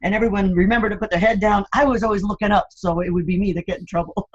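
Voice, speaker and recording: An older woman, a guest in a candid interview, who tells stories with animated, teasing humor and laughs often. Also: mid-range voice, fast talker, slightly rough, muffled recording. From United States, Cuban American family.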